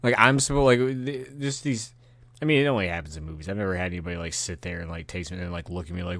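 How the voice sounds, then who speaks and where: A man's voice: sits low, fast talker, fairly bright tone, no echo. A man hosting a podcast, delivering a rambling, profane rant with angry bursts and frequent restarts. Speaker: podcast host.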